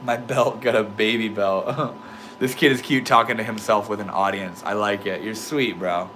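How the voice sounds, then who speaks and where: A man's voice: fairly low pitch, steady tone, moderate pace, a bit bright, slight background noise. A young man with a slight lisp, talking casually to his livestream chat, laid-back and swearing freely. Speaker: livestream host reading chat.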